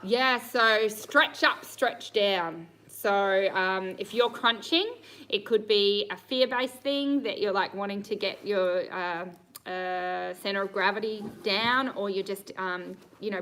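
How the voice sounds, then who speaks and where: A woman's voice: medium pitch, fairly bright tone, poor audio. An Australian woman, a riding coach, answering viewer questions on a live stream in a bubbly, upbeat way and laughing often.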